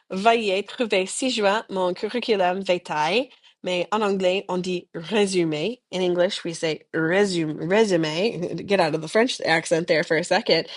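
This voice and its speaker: A young woman teaching a French lesson, explaining patiently in English and modeling phrases slowly and clearly for students to repeat. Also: mid-range voice. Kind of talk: recorded language lesson, repeat-after-me drills.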